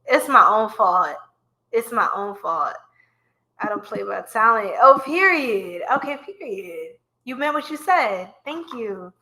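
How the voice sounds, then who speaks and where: A woman's voice: medium pitch, expressive, measured pace, bright, forceful tone. A woman giving a live-streamed tarot reading, chatty and playful, laughing often and talking to viewers as y'all. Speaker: tarot reader.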